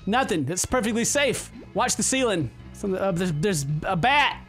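A man rattles off jokey let's play commentary, excitable and sarcastic, swearing freely. His voice is bright and sharp, recorded close on a desk microphone with faint game music in the background. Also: sits high, moderate pace. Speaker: gaming YouTuber.

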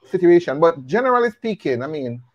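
A man's voice: a little high, big pitch swings, fast, crowd noise. A man hosting a live stream interview, affably reading out viewer comments over lo-fi audio. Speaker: host.

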